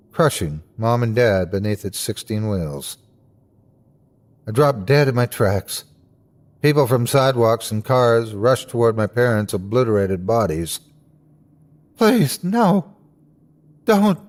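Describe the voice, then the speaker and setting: A man hosting a podcast and narrating a first-person horror story dramatically, swinging from hushed lines to cries. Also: medium pitch.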